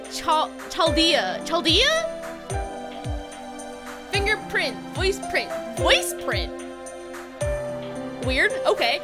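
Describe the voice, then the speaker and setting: A woman streamer chatting casually through a gaming livestream, excitable, with dramatic playful outbursts. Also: very high-pitched, a little slow. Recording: stream audio with music playing underneath. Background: background music.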